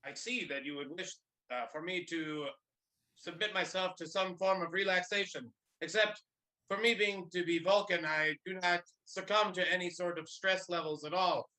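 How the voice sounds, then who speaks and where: A man doing an improv bit as a stiff, logical Vulcan gardener, formal and halting. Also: high voice, steady tone, sharp tone, rough recording. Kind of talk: improv comedy scene.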